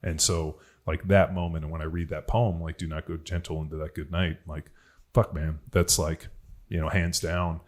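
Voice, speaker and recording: A man with a very low, deep voice hosts a podcast and tells personal stories in a relaxed, rambling way. His talk is loose and profane, full of "like" and "you know". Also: normal speed. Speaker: podcast host. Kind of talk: casual podcast conversation.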